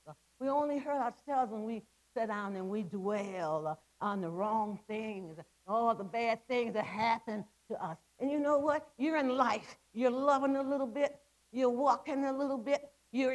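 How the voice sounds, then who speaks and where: A woman's voice: a little high, poor audio. A middle-aged woman giving a testimony sermon to women, impassioned and repetitive, with stammered restarts. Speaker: women's ministry speaker.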